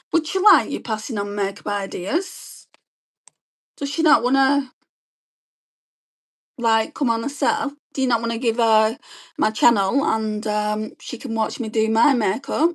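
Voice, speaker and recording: A woman, chatting quickly and rambling as she does her makeup and reads viewer comments on a beauty livestream. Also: a little high. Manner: fast-talking, chatty, rambling. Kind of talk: casual chat while doing makeup and reading live comments.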